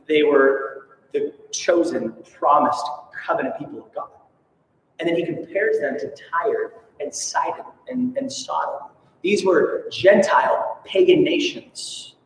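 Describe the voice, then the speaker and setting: A male pastor from Alaska preaching a sermon with an animated, playful manner and sarcastic asides. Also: fairly high pitch. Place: church sanctuary. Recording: echoey hall, from far off.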